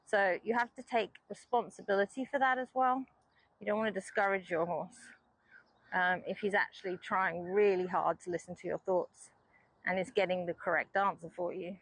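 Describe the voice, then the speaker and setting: A woman horse trainer talks through her technique while riding, calm and patient. Her voice sits in a middle pitch. The sound is dry and close, with no echo around it. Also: moderate pace, breathy edge. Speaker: riding instructor. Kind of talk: explanatory lesson while riding.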